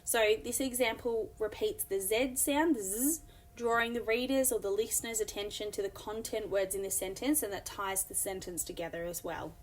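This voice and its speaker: Woman teacher, mid-pitched, explanatory, filler-heavy lesson delivery. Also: moderate pace. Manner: explanatory, many fillers, reads examples aloud. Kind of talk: recorded classroom lesson.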